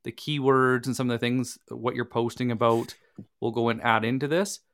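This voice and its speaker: Man of middle pitch as a calm co-presenter, steady, plainly explaining. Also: moderate pace. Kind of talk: casual workshop talk.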